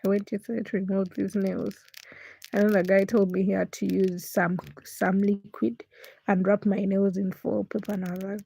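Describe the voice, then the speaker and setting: A woman's voice: mid-range voice, fairly even intonation, moderate pace, creaky, darkish tone, husky. A young woman vlogger chatting casually to camera late at night, rambling and correcting herself as she confides. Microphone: camera-facing setup.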